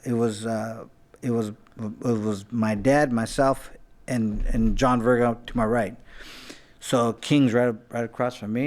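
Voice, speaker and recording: A man, a former boxer, telling stories in a casual talk-show chat, with many restarts and acted-out quotes. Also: mid-range voice. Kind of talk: casual storytelling.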